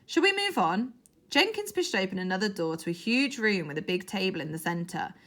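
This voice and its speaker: Bright, animated woman storyteller. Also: medium pitch, brisk. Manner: expressive, animated reading. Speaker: audiobook narrator. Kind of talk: children's storybook narration.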